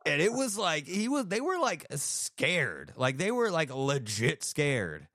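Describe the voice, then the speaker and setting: A man's voice: fairly high pitch, big pitch swings, slow, bright, forceful tone, dry recording, clean studio sound. A man co-hosting a podcast, telling a story in casual chat, full of fillers and acted-out quotes. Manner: rambling storyteller, acts out quotes, many fillers. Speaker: podcast co-host.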